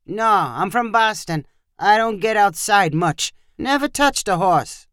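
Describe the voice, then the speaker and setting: A big male tourist from Boston, nervous and full of questions on his first horse ride, as a storyteller puts him on. The voice sits higher than the narration, and the sound is dry and close. It comes from a storybook reading. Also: expressive, a little slow, a bit bright, clean tone, dry recording. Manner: anxious, questioning.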